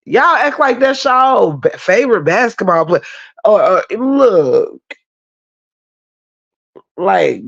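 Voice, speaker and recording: Gravelly-voiced woman ranting on a livestream. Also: mid-range voice, takes it slowly, pauses often. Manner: profane, rambling, animated, greets viewers in the chat. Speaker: livestream commentator. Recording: dull lo-fi stream audio.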